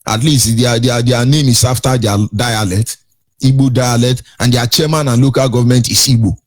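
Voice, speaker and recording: A man's voice: mid-range voice, fairly even intonation, normal speed. A man with a Nigerian accent hosting a radio show, giving indignant commentary with repeated rhetorical questions and a sing-song lilt. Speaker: radio host.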